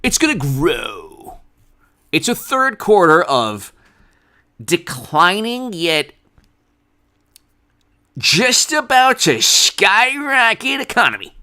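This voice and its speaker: A man's voice: sits high, big pitch swings, takes it slowly, pauses often, pushed and bright, voice pushed up, exaggerated voice. A man putting on the voice of a smug, cheerful male economist in a mocking, exaggerated sing-song.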